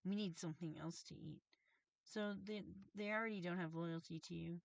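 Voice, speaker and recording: A woman's voice: fairly low pitch, fairly even intonation, fairly quick, creaky, no room sound. A woman reading tarot on a livestream, channeling messages in an agitated, profane, confrontational rant. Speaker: tarot reader and streamer.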